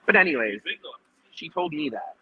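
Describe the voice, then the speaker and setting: A man's voice: on the high side, normal speed, no room sound. A man hosting a podcast, chatting casually and acting out other people's lines as he tells a story, with many "like" fillers. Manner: animated retelling with acted-out quotes and many "like" fillers. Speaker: podcast host. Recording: dull lo-fi recording with clear noise.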